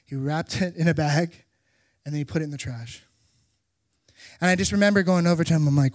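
Middle-aged male pastor, slightly high voice, lively storyteller, dry close sound. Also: a little fast, no echo. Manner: animated storytelling with emphatic repetition. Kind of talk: sermon.

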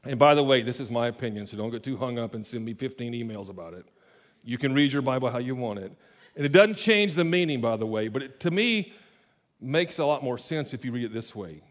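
A man preaches in a conversational way, walking his listeners through scripture. He talks casually, with asides and quick self-corrections. His pitch sits in a middle range. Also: lively intonation. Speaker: pastor. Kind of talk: conversational sermon.

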